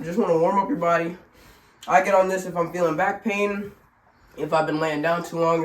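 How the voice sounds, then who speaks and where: A woman vlogging at home, showing simple workouts in a chatty, joking way while sick and short of breath. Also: fairly low pitch. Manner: chatty, joking, laughs at herself. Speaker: family vlogger. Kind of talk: casual instructional vlog. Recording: echoey room.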